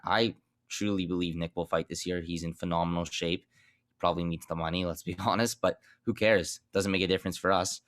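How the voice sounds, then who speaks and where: A young man with a low, deep voice talks sports in a blunt, joking way. He sounds close and dry, with no room around him. It is loose podcast chat between co-hosts. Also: a bit bright, no echo. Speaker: podcast co-host.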